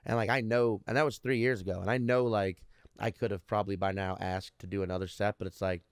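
A comedian guest in his thirties rambles through stories in a casual interview, swearing constantly. His fairly low voice is steady, clear and resonant, and he talks fast, captured on a dry, studio-quality recording.

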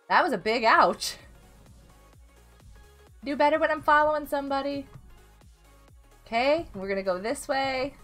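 A woman's voice: sits high, fairly bright tone. A woman live-streaming a game, chatting casually, giggling and greeting viewers by name. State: unwell.

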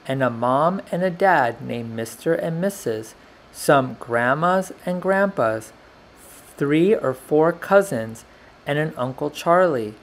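Slow, unhurried man reading a storybook. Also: mid-range voice. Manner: slow, lively character voices in dialogue. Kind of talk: reading a children's picture book aloud.

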